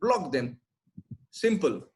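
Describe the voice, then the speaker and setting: Male sales trainer, slightly raised pitch, blunt emphatic delivery over a video-call mic. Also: big pitch swings, slow, a little hiss or hum, poor audio. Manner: blunt, emphatic, repeats "right?" and "simple". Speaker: sales trainer answering questions. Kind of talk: webinar Q&A.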